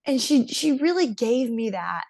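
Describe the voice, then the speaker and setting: A woman guest on a podcast interview, telling her personal story in an earnest, animated way and laughing now and then. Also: high-pitched, a little slow, vocal fry. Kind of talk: casual interview.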